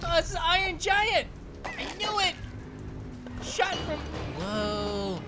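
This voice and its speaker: Woman voicing a goofy grape gamer, high pitched, squealing, rambling, loud game music behind. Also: very animated, takes it slowly, full character voice. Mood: excited. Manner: squealing, giggly, rambling with many restarts. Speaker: let's play host. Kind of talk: excited let's play commentary. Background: loud video game music.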